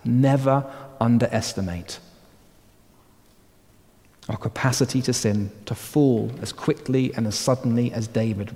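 A man preaching a sermon as pastor, earnest and exhorting, often dropping to quiet, emphatic phrases. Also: lowish voice, slow pace, pauses often. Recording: long hall reverb.

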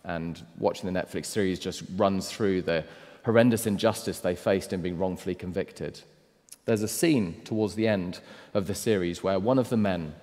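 Male preacher, low voice, emphatic sermon delivery that swings between loud and hushed, long hall reverb.

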